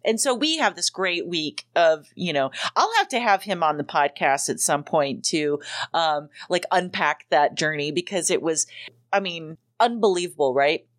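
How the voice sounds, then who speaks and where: A woman's voice: low voice, animated, normal speed. A woman in her forties hosting a podcast, telling a long personal story in a rambling way, full of ums and casual swearing. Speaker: podcast host.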